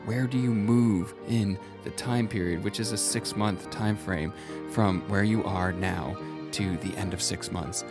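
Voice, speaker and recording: A man with a low, gravelly voice speaks softly and intimately, coaching the listener on self-kindness and calling them his friend. Faint music plays under him. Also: steady tone, a little slow. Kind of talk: gentle motivational monologue.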